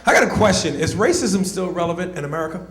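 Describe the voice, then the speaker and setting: A man performing a live stand-up comedy routine, loud and animated, shouting his punchlines and slipping into silly voices. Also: high-pitched, fast, over music. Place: comedy club stage. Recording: roomy live venue with audience noise. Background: audience laughter.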